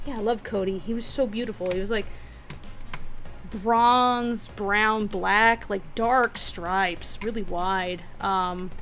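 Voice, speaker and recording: A woman's voice: medium pitch, fairly bright tone. A woman from New Hampshire co-hosting a stream, chatting in a rambling way with lots of fillers. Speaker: co-host of an animation stream. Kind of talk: casual chat.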